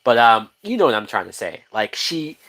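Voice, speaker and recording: A man's voice: medium pitch, normal speed. Guy doing a live movie watch, swears a lot, laughs, keeps restarting sentences. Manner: animated, profane, laughs often, many restarts. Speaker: movie reaction host.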